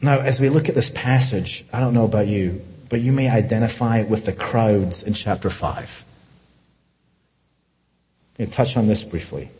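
A man pastor preaching a sermon, animated, climbing to loud high peaks and dropping to hushed asides. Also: moderate pace, husky. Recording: long hall reverb.

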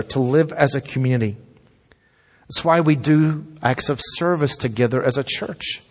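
A man preaching a sermon as pastor, emphatic and repeating his key lines for stress. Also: on the high side. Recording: long hall reverb.

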